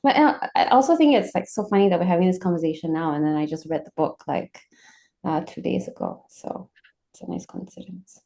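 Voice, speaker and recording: Artist lady on zoom, deep mellow voice, halting and restarting a lot. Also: very animated, creaky. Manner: hesitant, many restarts. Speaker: artist guest. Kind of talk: casual video-call chat.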